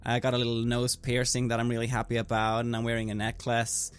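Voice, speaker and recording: A man's voice: mid-range voice, monotone, fast talker, clear, resonant tone, lightly acted. A man playing a carefree young woman student from California in a tabletop game, chatty and rambling in his own voice. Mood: bubbly. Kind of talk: in-character tabletop role-play.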